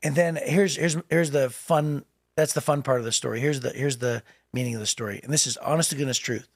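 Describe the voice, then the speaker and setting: A man's voice: medium pitch, fairly quick, no echo, studio quality. A man co-hosting a podcast, telling a personal story in casual chat with lots of laughs. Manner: storytelling, animated, laughs often. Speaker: podcast co-host.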